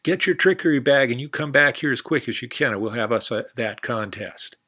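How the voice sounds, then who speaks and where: A man voicing a gullible, hearty male cowboy in a folksy storybook manner, calling everyone partner. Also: a little fast. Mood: excited. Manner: loud, excitable, rising high.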